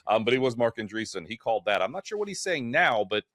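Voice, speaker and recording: A man co-hosting a casual market-talk podcast, quick and animated, joking along the way. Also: medium pitch, no room sound, clean studio sound. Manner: animated, quick, tells jokes with put-on quotes. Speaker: podcast co-host, market strategist.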